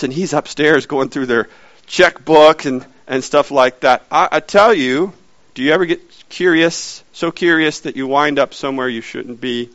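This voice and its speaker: A man preaching a sermon in an animated way, swinging from loud lines to hushed, whispered ones. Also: mid-range voice, no room sound, highs cut off.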